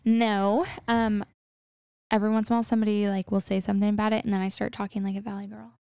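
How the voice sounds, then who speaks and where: A woman's voice: medium pitch, level tone, fast, vocal fry, mellow, clean tone, dry recording, clean studio sound. A woman from Scotland with a faint Scottish accent, chatting in a laid-back, joking way on a book podcast. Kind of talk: casual book chat.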